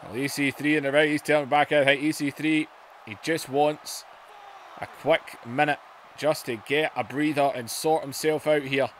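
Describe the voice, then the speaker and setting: A man giving play-by-play wrestling commentary over a video game, excitable, dropping to low muttering and then shouting at the big moves. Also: moderate pace, a little hiss or hum. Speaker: gaming YouTuber.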